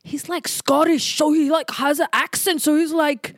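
A woman's voice: sits high, normal speed, no echo, clean studio sound. A young adult woman co-hosting a podcast, telling stories in casual chat and acting out the quoted lines. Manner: animated storyteller, acts out quotes. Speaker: podcast co-host.

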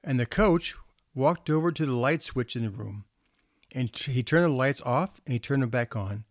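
A male counselor giving a storytelling talk to parents. He speaks in a relaxed, conversational way with small restarts. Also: medium pitch, moderate pace, dry recording, clean studio sound.

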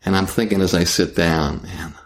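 Man, comedian, storytelling, low voice, slow delivery, acts out scenes. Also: vocal fry, a little hiss or hum. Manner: animated, acts out scenes, trailing restarts. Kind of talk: storytelling in conversation.

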